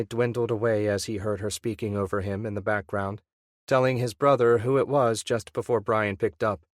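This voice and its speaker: A man reading a suspense audiobook in a measured, subdued way. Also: on the low side, fairly even intonation, no room sound, studio quality. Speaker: audiobook narrator. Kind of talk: scripted narration.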